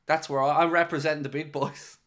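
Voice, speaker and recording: Joking Irish man, slightly high voice. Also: flat delivery, fairly quick, fairly bright tone. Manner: playful, sarcastic, mock-serious pitching. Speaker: football fan channel host. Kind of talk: casual solo commentary to camera.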